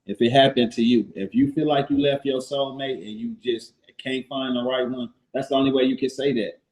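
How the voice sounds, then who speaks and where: A man's voice: mid-range voice, fairly even intonation, brisk, a little mellow, poor audio. A man co-hosting a casual live-stream chat, telling stories bluntly and with plenty of swearing. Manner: blunt, profane storytelling. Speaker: co-host.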